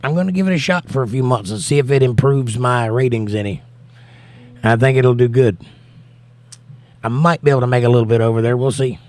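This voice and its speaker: A tired American man who hasn't slept is hosting a casual livestream, reading chat comments aloud and replying to them. His mid-range voice is a little mellow, and he speaks a little fast with frequent pauses. There's no room sound.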